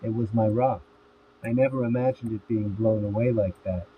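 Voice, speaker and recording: A man's voice: lowish voice, fairly even intonation, moderate pace, natural voice. A man reading the lines of a sarcastic young man in jail, in a dry, plain voice. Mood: wry. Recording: tinny phone-like audio with faint hiss.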